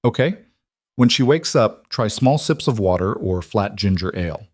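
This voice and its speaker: A man voicing a calm, practical young woman nurse in a read-aloud story, steady and reassuring. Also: on the low side, moderate pace, no room sound, clean studio sound. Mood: concerned, practical. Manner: steady, reassuring, matter-of-fact. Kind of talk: scripted story reading.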